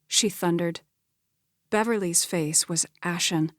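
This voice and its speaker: A woman narrating a romance audiobook in a steady, scripted storytelling voice. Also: on the low side, a little slow, no echo, studio quality.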